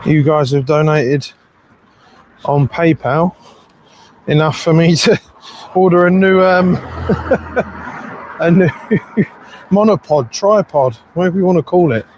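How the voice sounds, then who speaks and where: Male streamer thanking donors, higher voice, faint outdoor noise. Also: takes it slowly, pauses often, a little mellow, muffled recording. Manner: reads the chat and thanks donors. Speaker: live streamer. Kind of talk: live stream chat.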